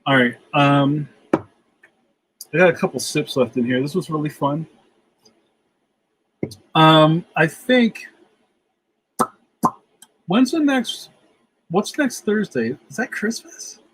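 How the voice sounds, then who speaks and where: A man's voice: a little high, animated, slow, pauses often, fairly bright tone, slightly rough, low-quality recording. A middle-aged man hosting a casual livestream, reading out chat comments, laughing easily, and saying "yo" a lot. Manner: laughs often, says "yo".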